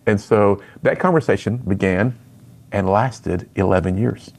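A man's voice: fairly low pitch, unhurried, a little mellow, breathy edge. A middle-aged man, a youth speaker and author, telling his personal story in an interview with earnest storytelling and acted-out dialogue.

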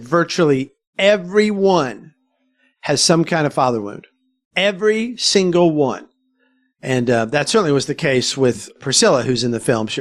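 A middle-aged man, a filmmaker guest, telling stories in an interview, animated and quoting others as he goes. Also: on the high side. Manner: animated, quotes others, frequent restarts. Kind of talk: conversational interview storytelling.

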